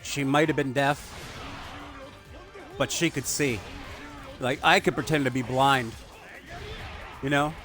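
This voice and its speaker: Slow, rambling, crude man. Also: medium pitch, steady tone, fairly bright tone, soft background music. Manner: crude, digressive, offhand. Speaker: gaming video host. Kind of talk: rambling let's play commentary.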